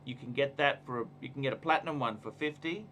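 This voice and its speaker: A man's voice: medium pitch, fast talker, a bit bright, a little hiss or hum. A man hosting a casual livestream, giving emphatic, repetitive, ranting advice. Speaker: livestream host.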